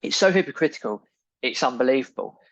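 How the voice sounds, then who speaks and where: Guy ranting on his podcast, mid-pitched, keeps repeating himself, dry and a bit muffled. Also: animated, fast, fairly bright tone, no echo. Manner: indignant, emphatic and repetitive. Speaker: podcast host. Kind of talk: opinion monologue.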